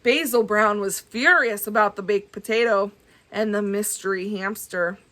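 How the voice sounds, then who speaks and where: A woman reading a children's book aloud, adding gentle, chatty asides for kids. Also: mid-range voice, moderate pace. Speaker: storybook reader.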